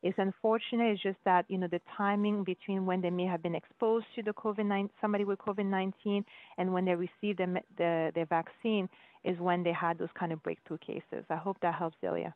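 A woman's voice: fairly low pitch, little pitch movement, brisk. A woman physician answering community questions on a virtual town hall, explaining patiently with frequent restarts. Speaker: guest physician. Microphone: video call. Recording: dry phone-like audio.

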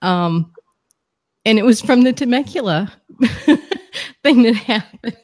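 A middle-aged woman, a guest psychic medium, telling a story in an animated, excitable, rambling way on a talk show. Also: fairly high pitch, slow pace, dry recording, studio quality.

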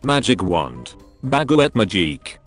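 A man narrating a meme compilation, reading captions aloud one after another with brisk jumps between jokes. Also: lowish voice, big pitch swings, over music.

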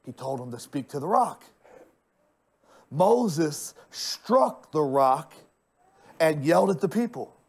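A man preaching a sermon in a slightly high voice, taking his time over every line. He swings from loud, stretched-out words to near-hushed asides and speaks straight to the congregation. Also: sing-song, slow pace, pauses often, breathy edge. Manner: addresses the congregation directly. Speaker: pastor.

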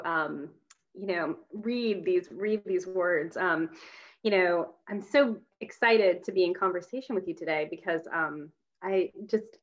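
A woman's voice: lowish voice, muffled recording. A woman interviewer talking casually and enthusiastically, with lots of fillers and restarts, over a video call. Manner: rambling, many fillers, enthusiastic. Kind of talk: casual conversation.

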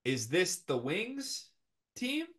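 A young man co-hosting a casual sports talk show, animated and opinionated as he ranks players, with the hiccups. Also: high-pitched, slightly rough. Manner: animated, opinionated, quick rankings. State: has the hiccups. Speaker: podcast co-host.

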